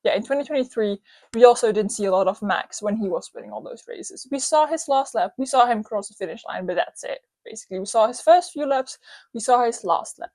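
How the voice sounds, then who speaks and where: A young woman hosting her own podcast, ranting casually with lots of fillers and quick restarts. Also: a little high, no echo. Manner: animated, rambling, many "like" fillers. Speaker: podcast host. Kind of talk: solo podcast rant.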